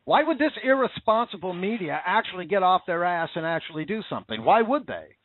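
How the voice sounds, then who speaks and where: A man's voice: sits high, sing-song, fairly quick, a little hiss or hum. A man hosting an internet talk show, speaking in an impassioned, repetitive and indignant way. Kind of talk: casual political commentary. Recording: tinny phone-like line.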